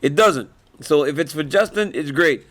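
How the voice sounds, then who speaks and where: A man's voice: fairly high pitch, moderate pace. A man in his forties, an MMA fighter, answering reporters in a casual media interview, telling stories with lots of laughter. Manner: animated storytelling, laughs often.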